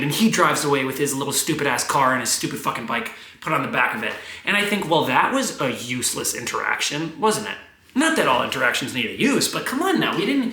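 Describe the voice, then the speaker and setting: Young man rambling, bright and lively. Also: a little high. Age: 20s. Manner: profane, animated storytelling. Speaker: vlogger. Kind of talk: rambling casual monologue. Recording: roomy, echoey room.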